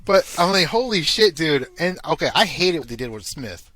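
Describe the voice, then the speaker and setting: A man co-hosting a podcast, talking in casual chat and mocking with quick put-on quotes. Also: a little high, background noise. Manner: animated, profane, mocks with put-on quotes. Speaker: podcast co-host.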